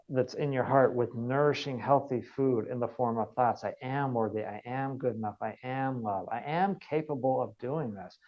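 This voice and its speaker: A man's voice: mid-range voice, dark tone, dull audio. A man working as a wellness coach, giving an earnest motivational training talk and repeating phrases for emphasis.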